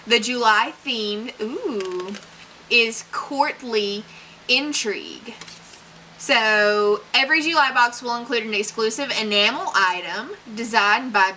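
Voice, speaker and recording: A woman's voice: on the high side, pushed and bright, a little hiss or hum, poor audio. A young woman unboxing books in a casual vlog, chatty and gushing, with fillers and little laughs. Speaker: book unboxing vlogger. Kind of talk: casual unboxing chat, reading blurbs aloud.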